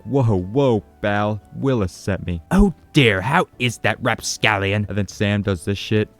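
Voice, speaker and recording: A man's voice: fairly low pitch, a little mellow, smooth. A man narrating a comedic game recap in a crude, sarcastic way with constant swearing. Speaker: gaming commentator.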